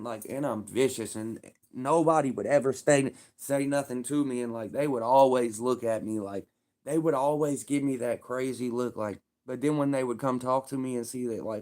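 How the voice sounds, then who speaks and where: A man's voice: mid-range voice, a little mellow. A man telling stories on a livestream in blunt, profane, laid-back street talk. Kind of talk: casual storytelling on a livestream.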